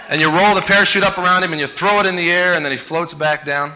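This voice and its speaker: A man giving a humorous storytelling talk, animated and self-mocking. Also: high-pitched, fast, slight background noise. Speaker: speaker.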